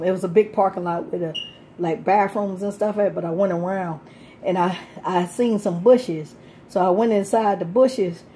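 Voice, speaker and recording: This woman, who is homeless, tells the story of her life on the street, rambling casually, laughing often and swearing freely. Her voice is medium in pitch with a dark tone.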